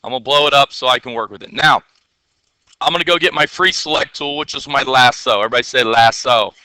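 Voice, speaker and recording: A man teaching a classroom software lesson, chatty and playful, often checking the class with questions. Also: medium pitch, quick pace, clean tone, no room sound.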